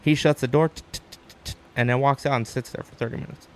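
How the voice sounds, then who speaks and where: A man guest chatting casually on a podcast, an animated storyteller who acts out quotes with sudden high jumps in his voice and swears freely. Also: fast talker. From Arizona, USA. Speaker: guest, stand-up comic.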